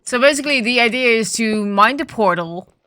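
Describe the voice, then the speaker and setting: A woman's voice: on the high side, lively intonation, a little fast, sharp tone. A woman with a morning voice casually commenting on her gameplay, thinking aloud with frequent ums and restarts. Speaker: gaming video host.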